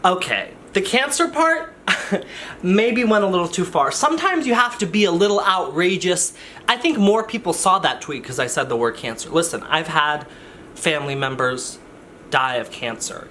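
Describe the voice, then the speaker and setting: A man's voice: a little high, normal speed, pushed and bright, slight background noise. A man vlogging in a casual, rambling way, often interrupting himself with jokey asides. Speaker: YouTuber. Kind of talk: casual vlog chat.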